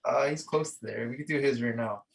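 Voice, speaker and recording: A man's voice: medium pitch, fairly quick, creaky, poor audio. A man in his twenties chatting easily on a podcast as a guest, mostly giving short replies. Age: 20s. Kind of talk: casual chat.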